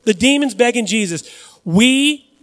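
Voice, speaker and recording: A man's voice: extremely high pitch, lively intonation, a little slow, long reverb tail. A man preaching a sermon in church, conversational with dramatic rises and personal asides. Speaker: pastor.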